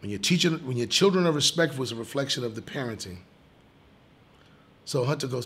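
A man with a husky, slightly rough voice tells a story from his own life in a sit-down interview. He talks casually and with feeling, curses freely, and swings between low, quiet moments and loud bursts. His pitch sits in the usual middle range for a man. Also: moderate pace, long pauses. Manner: animated storyteller, swearing, loud bursts when excited. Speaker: comedian.

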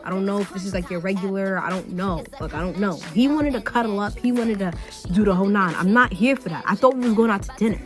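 A woman's voice: medium pitch, a little fast, faint music behind. A young adult woman vlogger telling a dramatic storytime while getting ready, casual and slangy, acting out the people she quotes. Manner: animated, dramatic retelling with quoted voices.

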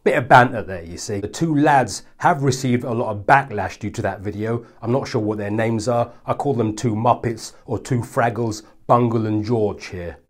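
A man's voice: medium pitch, normal speed, hardly any pauses. A male comedian doing a stand-up routine with a sarcastic, mock-serious delivery.

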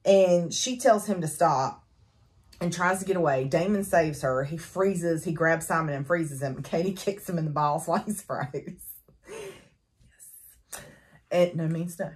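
A woman chatting casually as she recaps a novel for her book review, animated and full of fillers and laughs. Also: on the low side, a little slow, long pauses.

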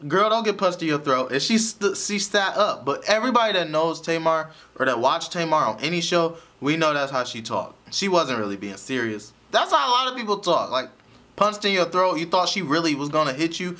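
A man's voice: fairly high pitch, big pitch swings, fairly quick, pushed and bright. A man giving a casual, chatty recap of a TV episode, often laughing as he tells it. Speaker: show reviewer.

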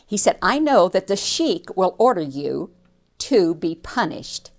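In a fairly low voice, a woman tells a missionary story for children, expressive and slow-paced, and she slips in preachy asides to those listening.

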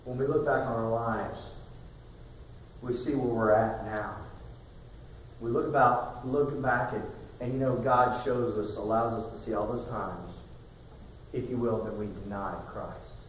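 A man preaching a sermon, telling a story in a quiet voice that rises into loud, emphatic bursts. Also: medium pitch, steady tone, a little slow, slight background noise. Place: church sanctuary. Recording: echoey hall recorded from far off.

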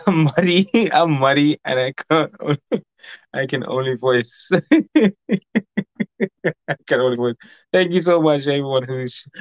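A man hosting a casual livestream, reading out chat and greeting viewers by name, talking in a rambling, fast way. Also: mid-range voice, no echo. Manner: rambling, warm greetings, frequent laughs; fast-talking, says his mouth runs fast. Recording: dull lo-fi dry recording.

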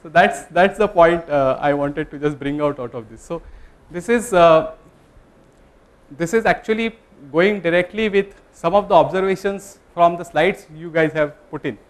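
A man's voice: a little high, moderate pace. A man giving a classroom lecture, talking in a conversational way, polling the students and correcting himself mid-sentence. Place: lecture room.

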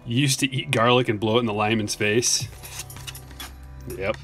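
This card break streamer has a mid-range, a bit bright voice with fairly even intonation at normal speed, and soft music plays behind him. He opens trading card packs on a live stream, chatting and joking, reading chat aloud as he answers, and sounds slightly winded.

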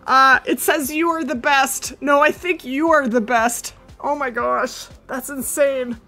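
This woman's voice sits high and unhurried over faint background music. She's running a live game stream, giving chatty, casual commentary as she plays, thinking out loud and excitedly gushing about her viewers.

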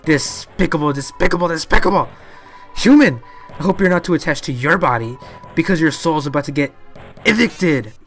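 A man voicing a furious ghost that lives inside a training dummy, ranting and shouting insults in a video game. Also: on the high side, animated, moderate pace, soft background music. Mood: angry.

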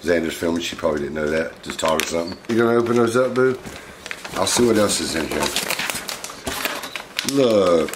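A man's voice: low voice, lively intonation, brisk, long pauses. A man hosting a pet vlog, chatting playfully and coaxingly with his pet while opening mail at home. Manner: playful, coaxing, chuckles often. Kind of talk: casual chat with a pet while unboxing. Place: home living room. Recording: noisy home video.

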